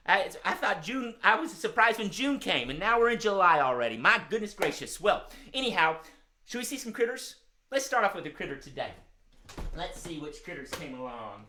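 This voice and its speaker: A man's voice: sits high, very animated, normal speed, sharp tone, slight background noise. A man hosting a live-streamed children's music show, talking cheerfully straight to young viewers.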